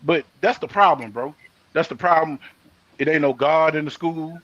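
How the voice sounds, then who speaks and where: A man's voice: fairly high pitch, normal speed, fairly bright tone, no echo, dull audio. A man in casual chat making emphatic, preachy points in slangy speech.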